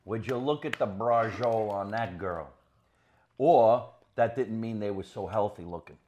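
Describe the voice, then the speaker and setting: A man's voice: lowish voice, unhurried, mellow, lo-fi sound. An older man co-hosting a podcast, telling jokey stories in casual banter and laughing often. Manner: storytelling, joking, laughs often. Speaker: podcast co-host.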